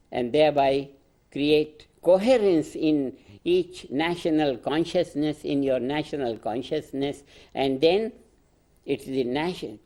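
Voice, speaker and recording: An older Indian man delivers a proclamatory address, slow and deliberate. His voice sits a little high for a man, and he presses on key phrases, repeating them and breaking into short laughs. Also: mellow. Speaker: spiritual teacher.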